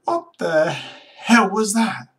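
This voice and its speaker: A British man chatting casually with strangers on a video call, excitable and exclamatory. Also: sits high, slow, heavy background noise. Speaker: video chat host.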